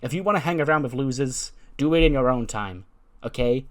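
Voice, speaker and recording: A man puts on a haughty young woman wrestler who sneers at everyone beneath her. Her lines come out dismissive and sharp, in a voice close to his own. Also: medium pitch, lively intonation, fairly quick, lightly acted.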